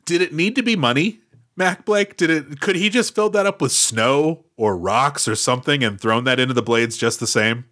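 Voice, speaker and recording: A man co-hosts a podcast in a loose, wry chat, full of playful sarcasm. His voice is bright and sharp, at an ordinary pitch. He rambles a little as he works through his thoughts. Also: lively intonation, moderate pace. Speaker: podcast co-host. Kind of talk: casual chat.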